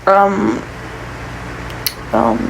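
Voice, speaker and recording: A French Canadian woman vlogging in casual chat, congested from sneezing and coughing, talking haltingly and trailing off. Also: medium pitch, lively intonation, vocal fry. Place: bathroom. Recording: noisy home recording.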